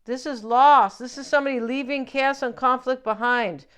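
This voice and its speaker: A woman's voice: high-pitched, steady tone, moderate pace, a bit bright, smooth. A woman giving a casual tarot reading, chatty and joking, with lots of fillers and asides to the viewer. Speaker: tarot reader.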